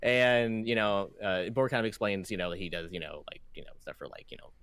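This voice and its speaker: A man running a tabletop game as game master, describing scenes in a halting way with many fillers. His voice sits a little low and sounds dry and close to the mic. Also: fairly bright tone, clean tone, no echo.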